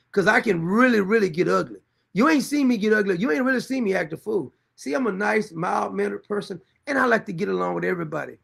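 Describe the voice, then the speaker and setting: Middle-aged guy ranting on his stream, gravelly and husky, kinda high for a man. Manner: blunt, confrontational, repetitive, colloquial. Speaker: show host. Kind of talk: livestream rant to commenters.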